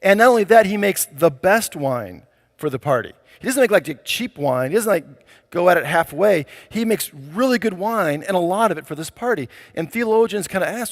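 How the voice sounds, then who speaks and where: A man's voice: high-pitched, expressive, fairly quick. Casual, chatty man preaching in a reverberant hall. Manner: casual, conversational preaching full of fillers. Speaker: pastor. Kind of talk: sermon.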